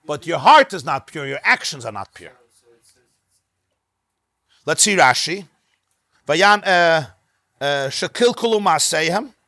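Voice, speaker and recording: A rabbi leads a Talmud study class in a synagogue, and his voice sits high and bright. He acts out the exchanges in the text with animation and slips Hebrew and Aramaic phrases into his English. The sound is close and dry. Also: takes it slowly, long pauses, no room sound. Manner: animated, acts out dialogue between figures in the text.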